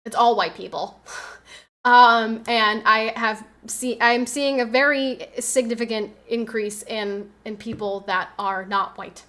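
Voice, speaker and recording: Bright-voiced chatty woman streamer. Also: fairly high pitch, fairly even intonation, slow. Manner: chatty rambling storytelling with fillers and swearing. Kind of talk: casual livestream chat. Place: home streaming setup.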